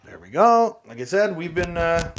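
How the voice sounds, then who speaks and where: A young man talks through his hockey game in a loose, running commentary, slightly higher-pitched than most men. He grumbles, mocks himself and laughs off his losses as he goes. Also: big pitch swings, moderate pace, slight background noise. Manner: frustrated, exasperated, self-mocking with frequent laughs. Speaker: gaming YouTuber. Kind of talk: casual gameplay commentary.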